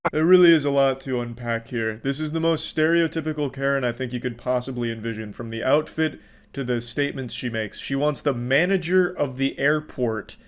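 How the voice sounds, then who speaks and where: A man giving profane, sarcastic commentary on viral videos in a deadpan delivery. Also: medium pitch, fairly quick. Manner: sarcastic, deadpan, swears constantly. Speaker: online commentary host.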